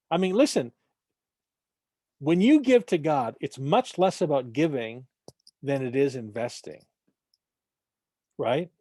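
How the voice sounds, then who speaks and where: Man, adult church class teacher, slightly high voice, dry close sound, conversational, repeats himself, keeps checking in with listeners. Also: darkish tone, dry recording. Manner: conversational, repeats words, keeps asking "right?"; tells jokes, punchy emphasis.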